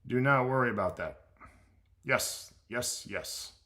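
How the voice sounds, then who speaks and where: A man's voice: medium pitch, slow pace, sharp tone. A middle-aged man from the United States, a strength coach answering viewer questions on a casual livestream in a blunt, repetitive way, with many filler sounds. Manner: blunt, repeats himself, lots of "uh" fillers.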